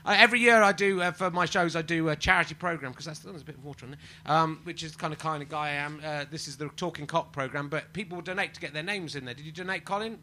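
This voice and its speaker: A man in his forties hosting a live comedy podcast, rambling and self-mocking, prone to sudden shouting. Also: fairly high pitch, fast talker, few pauses, a little hiss or hum. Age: 40s. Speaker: podcast host. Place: live venue with audience.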